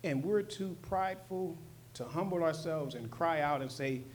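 A man preaching with a slightly high voice, talking to his listeners in a loose, slangy way. He swings from loud, emphatic lines to soft, low asides, often repeating short phrases for emphasis. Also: normal speed, slight background noise. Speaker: pastor. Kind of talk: sermon.

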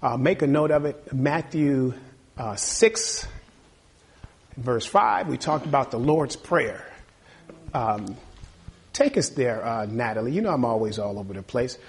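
A man's voice: mid-range voice, animated, unhurried, long pauses, breathy edge. A male pastor preaching a sermon, reading scripture aloud and calling out to the congregation for responses.

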